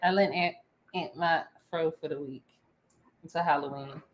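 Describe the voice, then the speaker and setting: A woman's voice: sits low, fairly even intonation, moderate pace. A middle-aged woman co-hosting a casual podcast chat, playful, laughing often and filling her talk with ums. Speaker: podcast co-host.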